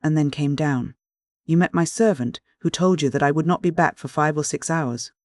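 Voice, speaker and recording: A narrator voicing a contemptuous young English gentleman who answers promptly and coldly. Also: mid-range voice, normal speed, no echo, clean studio sound, close to an everyday voice. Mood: cold contempt.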